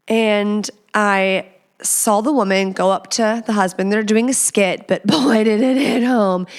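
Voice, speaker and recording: A woman hosting a casual podcast, chatty and playful, dropping into quick whispered asides. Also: medium pitch, fairly even intonation. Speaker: podcast host.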